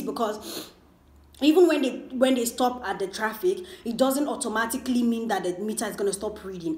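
On a casual mukbang vlog, a woman in her twenties eats while telling a rambling, chatty story packed with fillers. Her voice is fairly high, and the room is echoey.

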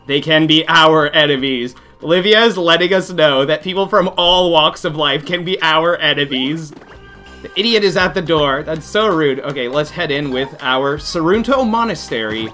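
A man's voice: fairly high pitch, moderate pace, bright, forceful tone, faint music behind. A man giving comedic let's play commentary, reading game text aloud and reacting with laughs and playful mock outrage. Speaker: gaming commentator.

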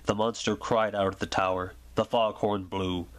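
A man with a low voice reads a story aloud in a soft, soothing ASMR style. His delivery is slow and gentle, meant to lull a listener to sleep. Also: little pitch movement. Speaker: reader.

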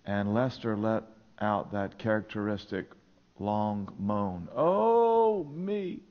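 Slow, earnest preacher with a dull lo-fi sound. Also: male voice, lowish voice, little pitch movement. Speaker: pastor. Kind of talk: sermon. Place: church. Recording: dull lo-fi sermon recording.

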